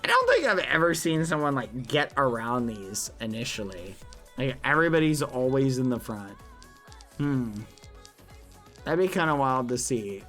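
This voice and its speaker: A young man streaming a game and talking to his chat, excitable, shooting up high when surprised and swapping swears for silly words. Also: normal speed, soft background music.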